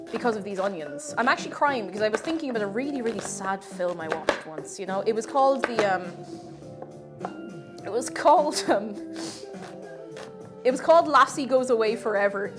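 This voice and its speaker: A woman streamer chatting casually while cooking, rambling through deadpan absurd jokes. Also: on the high side.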